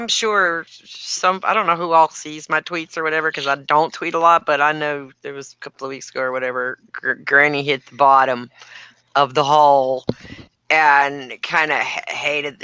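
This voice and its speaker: A woman's voice: sits low, fairly even intonation, moderate pace, bright, forceful tone, smooth, no room sound. A woman hosting a casual live chat with friends, chatty and self-deprecating, laughing often. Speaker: host.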